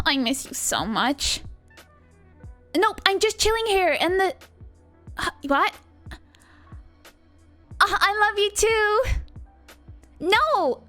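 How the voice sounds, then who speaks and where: A woman's voice: very high voice, bright, forceful tone, voice pushed up, heavily acted. A woman voicing a vain, pampered young woman doll with an American accent, bragging in a breezy sing-song monologue. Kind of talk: comic character monologue on a live stream.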